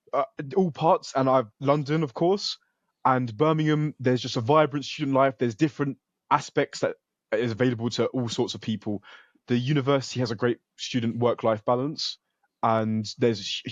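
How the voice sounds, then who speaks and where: Young UK student guest, confident and earnest, muffled lo-fi call audio. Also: male voice, mid-range voice, dry recording. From United Kingdom. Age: young adult. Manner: earnest, self-assured, frequent restarts. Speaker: interview guest, computer science student. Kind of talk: casual interview over a call.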